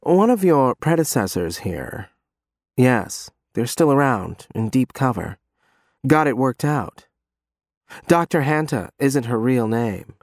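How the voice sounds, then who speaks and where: Male narrator doing a menacing man, low and urgent, dry read. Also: big pitch swings, takes it slowly, darkish tone, no room sound. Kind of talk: audiobook character voice.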